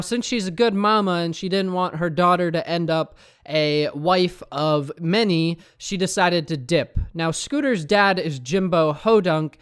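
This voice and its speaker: A man's voice: high voice, clear, resonant tone. A man narrating video game lore in a casual tone, dropping wry asides.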